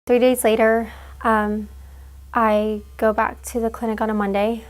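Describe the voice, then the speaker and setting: A young woman giving an emotional personal account in an interview, halting and full of "like"s. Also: fairly high pitch, little pitch movement. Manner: halting, fillers, many "like"s.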